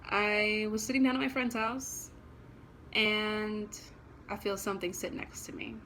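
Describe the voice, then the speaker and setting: A woman's voice: medium pitch, measured pace, bright, forceful tone, slight background noise, poor audio. A woman vlogger telling a personal story in a casual, blunt and emotional way.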